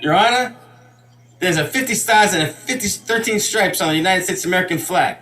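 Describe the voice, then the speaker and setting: A man's voice: sits high, brisk, bright, forceful tone, faint music behind. A man putting on the voice of Tony, a nervous male immigrant answering a judge stiffly. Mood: formal.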